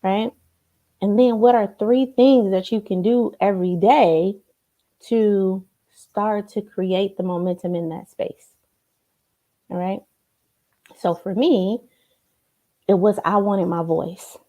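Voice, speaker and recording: A woman's voice: mid-range voice, fairly even intonation, slow, long pauses, highs cut off. A woman giving a motivational coaching talk to a computer camera, emphatic and checking in often with tag questions. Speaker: life coach.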